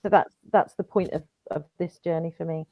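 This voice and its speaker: A woman's voice: fairly low pitch, fairly even intonation, fairly quick, warm tone, no echo. A woman, a guest author, talking earnestly and often repeating her words. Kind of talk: interview chat.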